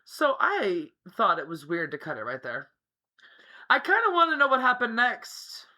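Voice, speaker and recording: A woman's voice: fairly high pitch, huge pitch swings, moderate pace, bright, forceful tone. A woman co-hosting a podcast in casual, chatty talk, swearing freely. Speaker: podcast co-host. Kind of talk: casual chat.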